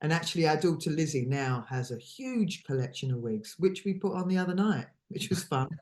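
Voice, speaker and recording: A woman's voice: deep voice, lively intonation, brisk, darkish tone. Giggly, chatty woman podcast guest. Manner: giggly, laughs often between phrases; chatty and effusive, trailing restarts. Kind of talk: casual chat.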